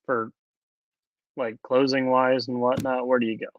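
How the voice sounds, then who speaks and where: A man co-hosting a casual talk show, animated and argumentative, getting loud when he presses a point. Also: mid-range voice, moderate pace, highs cut off. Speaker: podcast co-host. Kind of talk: casual chat.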